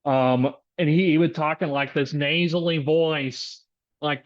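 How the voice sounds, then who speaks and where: A man's voice: fairly high pitch, steady tone, a little slow, highs cut off. A man who is a voice actor chatting casually on a podcast, loose and laughing easily.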